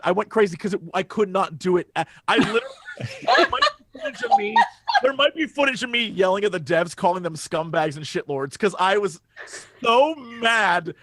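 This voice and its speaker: A man in casual podcast chat, his voice sitting high for a man as he tells a story. He gets worked up and swears often. The sound is dry and close, with no room echo. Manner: excitable storyteller, swears freely. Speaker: podcast co-host.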